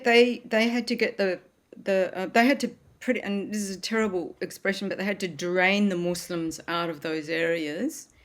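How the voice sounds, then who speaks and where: Woman recounting family history, low-pitched. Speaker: interview guest. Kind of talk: casual storytelling in conversation.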